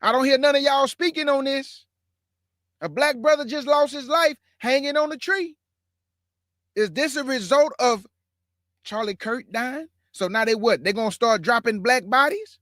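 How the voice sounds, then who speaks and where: Heated high-voiced man preaching. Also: fairly bright tone, no room sound, studio quality. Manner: heated, emphatic, repetitive. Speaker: host and religious commentator. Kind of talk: impassioned preaching commentary.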